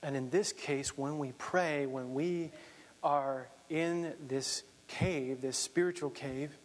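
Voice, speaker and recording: A man's voice: fairly high pitch, takes it slowly, big-room sound. A man preaching a sermon, earnest, reading scripture aloud and explaining it. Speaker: pastor.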